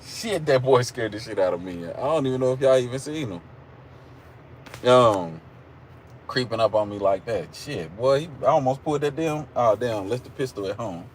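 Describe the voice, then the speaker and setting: Livestreaming from his car at a drive-thru, a man with an Oklahoma country accent rambles casually and jokes with his viewers. His voice is medium-pitched and expressive at a normal speed, recorded on a phone camera with slight background noise.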